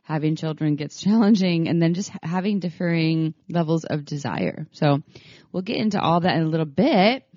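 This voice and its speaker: A woman's voice: low-pitched, normal speed, a little mellow, dry recording, muffled recording. A woman co-hosting a podcast, talking casually with many fillers and restarts. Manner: chatty, lots of fillers and restarts. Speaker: podcast co-host.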